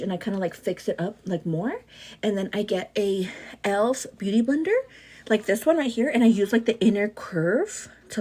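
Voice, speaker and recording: Thirties woman, livestream beauty host, chatty and hyperactive, a bit out of breath, husky and animated. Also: medium pitch. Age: 30s. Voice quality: energetic, hyperactive delivery. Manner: chatty, calls viewers "girl", answers comments. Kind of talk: casual livestream chat.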